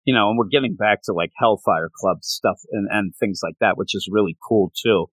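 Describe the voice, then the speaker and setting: Excitable rambling man, dry sound. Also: on the low side, brisk, no room sound. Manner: excited, rambling, many restarts. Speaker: podcast co-host. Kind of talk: casual chat about comics.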